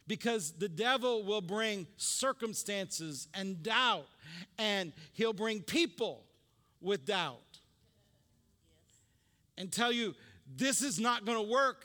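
A male pastor with a high, forceful, bright voice delivers a conversational sermon. He teaches with offhand jokes and asks the congregation to repeat lines back. His voice rings with the long reverb of a church hall. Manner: conversational preaching with asides and call-and-response.

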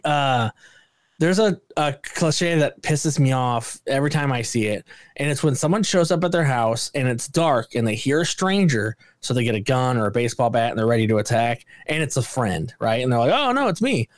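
On a dry, clean studio recording, a man with a medium-pitched voice at a moderate pace co-hosts a casual movie review podcast. He gets animated, curses frequently, and rants loudly.

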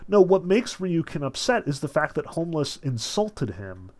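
A man's voice: a little high, sing-song, normal speed, a little mellow. Man lecturing casually with many fillers. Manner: loose, filler-heavy, lots of "like" and "um". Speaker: literature lecturer.

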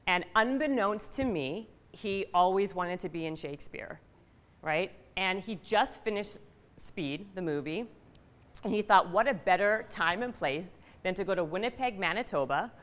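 A middle-aged woman telling a personal story to an audience, animated and punchy, asking the room questions. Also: medium pitch, normal speed. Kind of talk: storytelling talk. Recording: reverberant hall.

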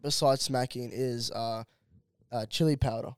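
A man's voice: mid-range voice, fairly even intonation, unhurried, smooth, dry recording, clean studio sound. A man in his twenties, a podcast co-host, chatting loosely and swearing freely. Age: 20s. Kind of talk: casual chat.

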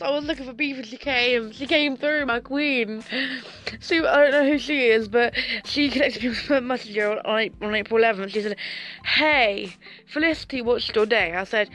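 A woman's voice: fairly high pitch, moderate pace, a bit bright. A young woman vlogging in a casual, sassy, camp way, full of swearing and dramatic outbursts. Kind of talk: casual livestream chat.

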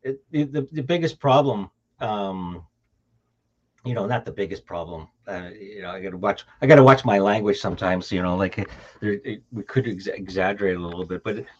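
A man's voice: on the low side, brisk, darkish tone. A man with a Canadian accent hosting a casual podcast chat, rambling through restarts and laughing easily. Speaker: podcast host. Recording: dull lo-fi audio.

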